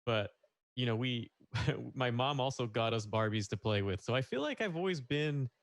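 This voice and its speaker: Laid-back male co-host, mid pitch, dry close recording. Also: normal speed, no room sound. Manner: relaxed, repeats words, says "right?" often. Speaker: podcast co-host. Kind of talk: casual chat.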